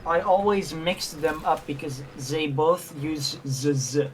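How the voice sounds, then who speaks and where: A player chatting casually during a game, with quick reactive remarks. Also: mid-range voice, a little hiss or hum, poor audio. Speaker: co-host gaming commentator. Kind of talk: casual gameplay chat.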